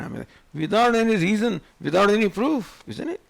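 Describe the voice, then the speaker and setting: An older man, a swami, lectures on scripture and questions his listeners again and again, rhetorical and animated. His voice is high and creaky, at a normal speed.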